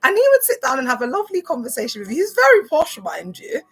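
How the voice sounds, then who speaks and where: Bright-voiced chatty woman. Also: sits high, sing-song, racing, husky. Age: 30s. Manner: chatty and rambling, full of fillers, talks straight to viewers. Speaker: livestream host. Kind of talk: casual livestream chat. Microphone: phone camera on a social media livestream.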